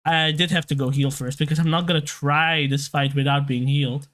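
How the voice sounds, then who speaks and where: A young man chatting excitedly through his gameplay commentary, reacting out loud to every turn as he plays. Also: a little high, a little fast. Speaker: let's play gamer.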